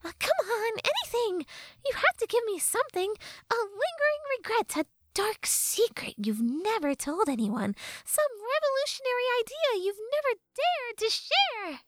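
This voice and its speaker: A woman puts on a sharp-tongued little fairy girl, squeaky and way up high, voice swinging all over the place as she teases, close and dry with soft music under it. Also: sing-song, moderate pace, no room sound. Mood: pushy. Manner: snappy, teasing, high and bright. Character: sharp-tongued young female fairy, sarcastic but caring. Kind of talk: audiobook character voice.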